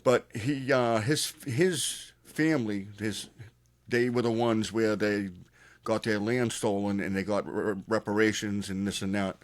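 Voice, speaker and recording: A man in his fifties with a Boston accent, co-hosting a podcast and telling a rough story in salty, animated casual chat. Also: lowish voice, measured pace. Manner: profane, animated storyteller, frequent restarts. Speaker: podcast co-host.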